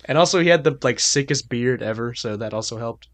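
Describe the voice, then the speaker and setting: A man's voice: mid-range voice, a little fast, fairly bright tone. A man co-hosting a podcast, rambling in casual chat with lots of "like"s. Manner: rambling, full of fillers and laughs. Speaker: podcast co-host.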